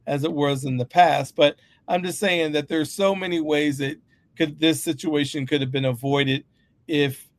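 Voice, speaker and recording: A man's voice: a little high, fairly even intonation, normal speed. A man co-hosting a casual podcast chat, talking emphatically and riffing with humorous asides. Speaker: podcast co-host.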